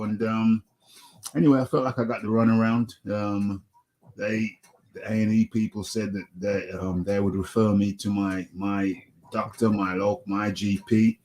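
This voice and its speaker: A man's voice: lowish voice, warm tone. A man hosting a casual boxing podcast, ranting animatedly and repeating his phrases. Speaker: host.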